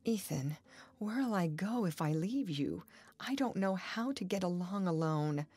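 A woman's voice: on the low side, expressive, unhurried, warm tone, husky. A woman voicing a desperate, tender young woman in an audiobook, speaking breathlessly and pleading.

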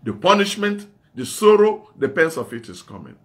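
A man's voice: high voice, very animated, moderate pace, a bit bright. A middle-aged male evangelist preaching a sermon, asking emphatic repeated questions and telling his stories in a plain, unscripted way.

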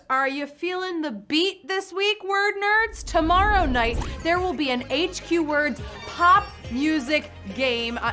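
A young woman hosting a live quiz show, playful and punny, chatting with her players. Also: sits high. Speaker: game show host. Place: studio in New York.

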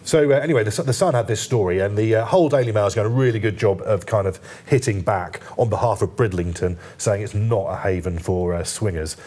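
Low-pitched hesitant male journalist. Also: brisk, few pauses, warm tone. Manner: hesitant, many fillers and restarts, lightly joking. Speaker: journalist guest. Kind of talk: studio discussion.

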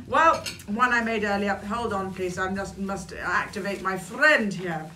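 A woman's voice: mid-range voice, takes it slowly, few pauses, pushed and bright. A woman hosting a children's craft show in a playful, sing-song way, chatting with a puppet as she works. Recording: roomy echo with faint music.

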